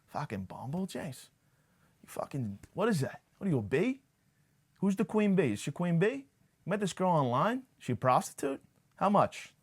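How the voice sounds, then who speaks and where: A man putting on a gruff, baffled middle-aged dad who barks cursing questions. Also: fairly high pitch, big pitch swings, normal speed, pitched above the performer's own voice, heavily acted. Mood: incredulous.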